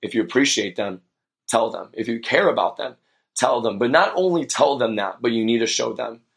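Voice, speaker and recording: A man's voice: medium pitch, expressive, moderate pace, gravelly, slightly rough. A young man hosting a podcast, telling a personal story in an earnest, reflective way with many fillers. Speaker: podcast host.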